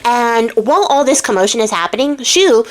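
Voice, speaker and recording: A woman's voice: on the high side, animated, normal speed. Chatty woman retelling a legend. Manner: chatty, slangy, many fillers. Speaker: channel host, storyteller. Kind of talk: casual storytelling while crafting.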